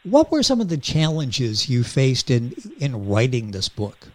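A man hosting a radio interview, who introduces his guest formally and asks clear questions. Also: medium pitch, huge pitch swings, measured pace, a little mellow, no echo. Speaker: interview host.

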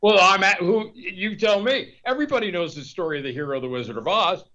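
A man's voice: high-pitched, fast, pushed and bright, a little hiss or hum. Rambling man on a dull lo-fi line. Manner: rambling, with frequent restarts and repeated words. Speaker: guest author. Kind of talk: discursive interview talk.

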